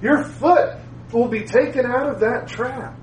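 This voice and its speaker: High-voiced man preaching conversationally. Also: measured pace, a little hiss or hum, low-quality recording. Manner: conversational, repeats phrases for emphasis. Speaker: school teacher. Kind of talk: sermon.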